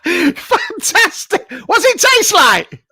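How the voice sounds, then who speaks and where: Taking it slowly, a man uses an exaggerated, extremely high voice whose pitch swoops wildly, on a dry recording. He's playing a blunt, rude, camp middle-aged TV psychic who hosts a live show from a home garage, bellowing greetings with mock mysticism in a comic improvised live stream.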